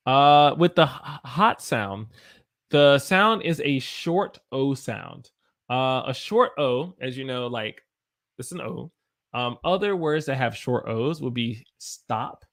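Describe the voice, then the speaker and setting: Slow-talking Southern American man teaching. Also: mid-range voice, expressive, fairly bright tone. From Southern United States. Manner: slow, drawn-out demonstration of words. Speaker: English teacher. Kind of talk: live-streamed pronunciation lesson.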